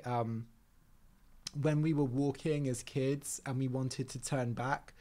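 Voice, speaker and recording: A man hosting a relaxed live stream for English learners, chatty and rambling, often stopping to explain words simply, with easy laughs and frequent ums. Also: medium pitch. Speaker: English teacher and podcast host.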